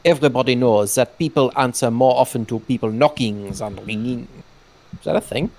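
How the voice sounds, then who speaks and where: A man's voice: medium pitch, fairly quick, darkish tone. A man hosting a let's play, reading game text aloud with casual, wry commentary.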